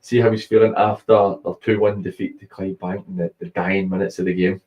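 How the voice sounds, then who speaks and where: A Scottish man hosting a football show, chatting casually with banter and quick asides. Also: deep voice, flat delivery. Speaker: radio football show host. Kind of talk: casual sports chat. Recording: muffled lo-fi stream audio.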